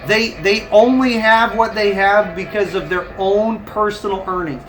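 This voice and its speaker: High-voiced man ranting on a livestream. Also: moderate pace, few pauses, fairly bright tone, rough recording. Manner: profane, ranting, laughs often. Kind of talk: casual live-stream chat.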